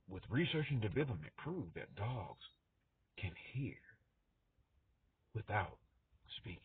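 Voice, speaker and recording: Animated man on a tinny, phone-like line. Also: slightly rough, no echo. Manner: animated, jumps into high squeaky voices for characters, laughs often. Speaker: music artist talking to viewers. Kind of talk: rambling monologue. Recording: dry, tinny phone-like sound.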